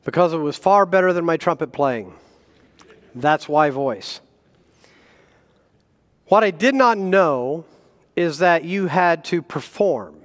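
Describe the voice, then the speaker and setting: Preaching man, slightly high voice, reverberant hall. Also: slow pace, pauses often. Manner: animated preaching with self-deprecating humor and chuckles. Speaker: guest pastor. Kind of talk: sermon. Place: church sanctuary.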